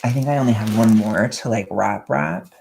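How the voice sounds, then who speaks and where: A young woman with a strikingly deep voice and a gravelly, fry-heavy edge chats while wrapping presents at home. She rambles along in a quiet, soft-spoken way. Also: moderate pace, noisy background. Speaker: vlogger. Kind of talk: casual chat while wrapping gifts.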